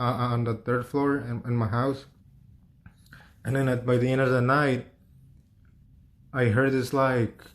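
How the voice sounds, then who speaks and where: A man telling a personal story in a loose, rambling way, full of fillers, restarts and swearing. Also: mid-range voice.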